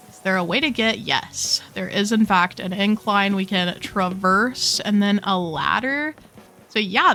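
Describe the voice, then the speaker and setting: A woman's voice: medium pitch, pushed and bright. A young woman hosting a casual video game tour, gushing and playful with lots of slang. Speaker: host touring game islands. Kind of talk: casual gameplay commentary.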